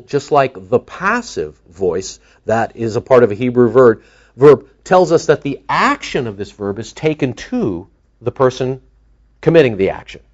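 A man's voice: medium pitch, darkish tone, lo-fi sound. A man preaching a sermon, teaching with rhetorical questions to his congregation.

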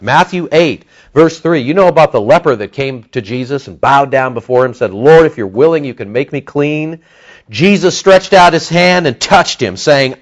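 A man preaching a sermon to his church congregation, surging loud on key words and then dropping low and soft. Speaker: pastor. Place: church sanctuary.

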